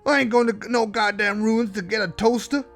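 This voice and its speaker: A man voicing a brash, cowardly male knight with a Boston accent who swears and shouts. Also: high voice, moderate pace, soft background music, pitched above the performer's own voice. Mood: scornful.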